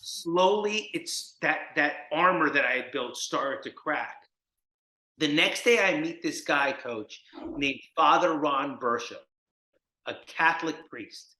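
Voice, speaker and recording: A New Jersey man, appearing as a guest in an interview, tells stories with a fairly high voice at a slow pace. He's a recovery mentor and an animated storyteller who acts out the people he quotes, recorded in an echoey room.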